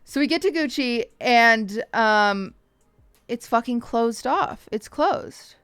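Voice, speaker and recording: A woman streamer telling a story to her chat in a casual, animated way, swearing often and acting out the voices of people she quotes, with hiccups. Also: fairly high pitch, slow pace, clean tone, no echo, soft background music.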